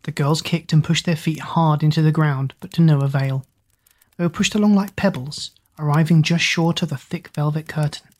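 Audiobook narrator, woman, low and husky, measured. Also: fairly even intonation, a little mellow. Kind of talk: storybook narration.

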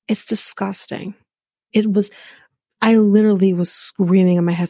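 A woman's voice: medium pitch, steady tone, normal speed, gravelly, dark tone, slightly rough, no room sound, clean studio sound. A young adult woman hosting a casual podcast recap and commenting bluntly, with profanity and indignation. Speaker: podcast host.

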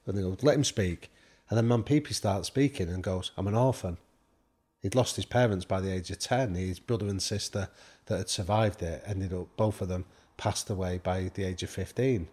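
British male podcast guest, lowish husky voice, chatty storyteller who acts out the quotes. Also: brisk. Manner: animated anecdote-telling with quoted speech. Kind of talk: storytelling in conversation.

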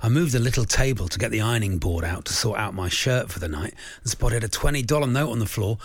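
A man's voice: on the low side, expressive, fast, husky, dry recording. A British man co-hosts a talk radio podcast in playful, jokey banter, often breaking into laughs. He reads listener stories aloud in a mid-range voice, recorded close and dry. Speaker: radio show co-host. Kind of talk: casual banter, reading listener messages.

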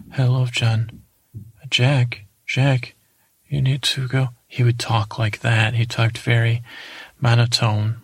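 Man with a very gravelly, husky voice playing a dull tour guide who rambles, hesitates and drifts off topic. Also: medium pitch, no echo. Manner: dull, lulling delivery. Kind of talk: improvised comedic monologue.

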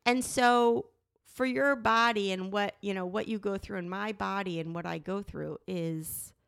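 A middle-aged woman talking candidly and emphatically with her husband, her voice jumping high when she insists. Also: steady tone, measured pace, vocal fry, a bit bright, smooth, no room sound, clean studio sound. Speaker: podcast co-host, wife. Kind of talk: candid couple conversation.

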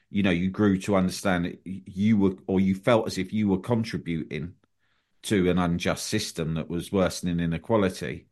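A man hosting a podcast interview, asking long questions in a hesitant, searching way. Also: sits low. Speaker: podcast host.

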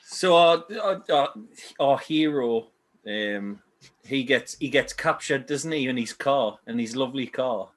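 A man's voice: mid-range voice, unhurried. A man in casual chat, easygoing, often asking his friend to agree with him. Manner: easygoing, asks for agreement with tag questions. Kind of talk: casual chat reviewing an old puppet show.

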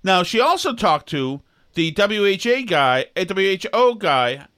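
A man's voice: high voice, very animated, unhurried, fairly bright tone, clean tone. A man co-hosting a podcast in casual comedic chat, sarcastic and incredulous as he riffs. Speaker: podcast co-host.

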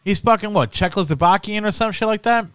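A man's voice: high voice, quick pace, fairly bright tone, smooth, no room sound, studio quality. A man co-hosting a podcast in casual, profane chat, saying bro a lot. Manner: swears constantly, says bro a lot. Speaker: podcast co-host.

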